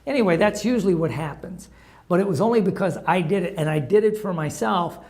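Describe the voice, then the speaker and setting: A man's voice: high-pitched, brisk, a little mellow. A middle-aged man giving an informal talk on recovery steps, sharing stories in a conversational, anecdotal way. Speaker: recovery program speaker.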